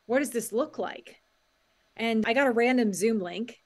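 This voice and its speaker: A middle-aged woman, a mindset coach and author, talking as a podcast guest, animated and acting out quotes with frequent laughs. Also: on the high side, moderate pace. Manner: animated storyteller, acts out quotes and laughs often. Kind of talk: podcast interview.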